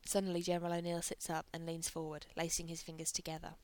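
A woman's voice: sits low, monotone, fast, few pauses, a little mellow. A woman narrating a story aloud, reading with light character voices. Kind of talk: reading fan fiction aloud.

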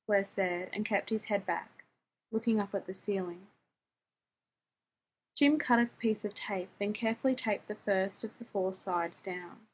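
Husky woman narrating fiction. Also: medium pitch, steady tone, moderate pace. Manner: wry, conversational, profane.

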